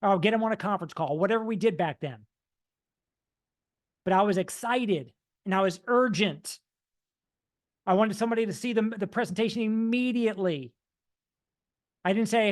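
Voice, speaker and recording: A man giving an energetic motivational talk, mimicking dull and excited voices to make his point. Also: high-pitched, normal speed, pauses often. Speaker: motivational speaker.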